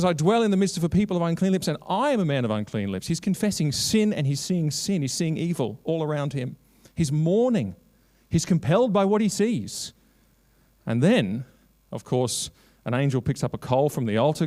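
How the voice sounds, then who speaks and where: A Christian lobby director delivers a preached keynote at a conference, quoting scripture and building long repeated lists. He swings between raised, urgent lines and low, quiet asides.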